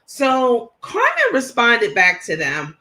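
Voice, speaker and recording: A woman with a New York accent hosts a livestream and comments on what she reads aloud. Her voice is bright and sharp. She is emphatic and indignant throughout. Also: a little high, wildly swooping pitch, slow. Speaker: host.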